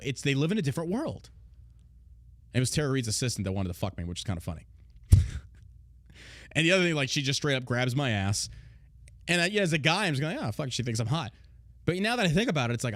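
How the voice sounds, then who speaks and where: A man hosting a podcast, talking in a blunt, heavily profane casual rant with loud, mocking outbursts. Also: mid-range voice, sing-song, fast talker, dry recording, studio quality. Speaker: podcast host.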